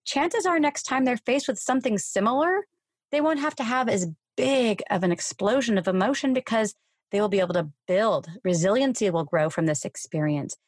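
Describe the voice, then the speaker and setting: Calm woman podcaster giving parenting advice. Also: on the high side, moderate pace, no room sound, studio quality. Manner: calm, explanatory, models phrases to say to kids. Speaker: podcast host and parent coach. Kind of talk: solo podcast advice talk.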